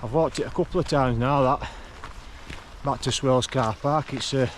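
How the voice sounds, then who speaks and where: A man's voice: mid-range voice, slight background noise. A man, out of breath as he chats casually while climbing a forest track for his hiking vlog. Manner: chatty, rambling, unhurried. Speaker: hiking vlogger. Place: forest track outdoors, walking uphill.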